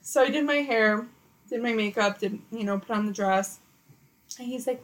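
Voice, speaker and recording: A woman's voice: on the high side, normal speed, low-quality recording. Chatty young woman telling a story. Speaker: podcast co-host. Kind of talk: casual chat.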